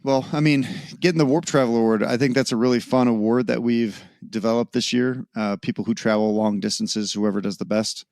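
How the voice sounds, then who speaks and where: A man's voice: medium pitch, steady tone, fairly quick, hardly any pauses, darkish tone, no room sound, clean studio sound. Casual rambling male podcast host. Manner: loose, rambling, swears casually. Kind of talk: casual chat.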